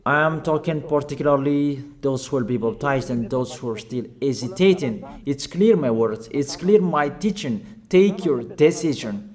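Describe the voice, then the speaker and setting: A man preaching a sermon in halting non-native English, urging his listeners with short, repeated commands and pausing on fillers. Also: mid-range voice, lively intonation, a little mellow. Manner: emphatic, repetitive exhortation with short commanding phrases.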